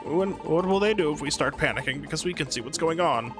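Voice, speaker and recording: A man's voice: a little high, animated, a little fast, over music. A man co-hosting a let's play, reading game dialogue aloud with earnest drama.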